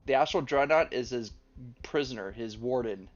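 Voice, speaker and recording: A man's voice: mid-range voice, moderate pace, highs cut off. A man running a tabletop game online, loose and swearing, with many fillers. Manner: loose, swearing, laughs easily, hesitant fillers. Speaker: game master. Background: fan running.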